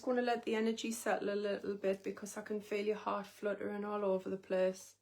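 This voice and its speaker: A woman's voice: medium pitch, level tone, fairly quick, hardly any pauses, a little mellow. Emotive woman giving a live reading. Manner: emotive, intimate, speaks straight to the viewer. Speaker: psychic reader on a livestream.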